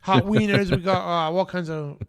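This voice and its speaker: A high-pitched man chats loosely as a live radio host. He talks in rambling bursts with plenty of fillers and asides. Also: fairly even intonation, moderate pace, smooth. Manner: chatty, laughing, full of fillers. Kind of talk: casual live radio chat.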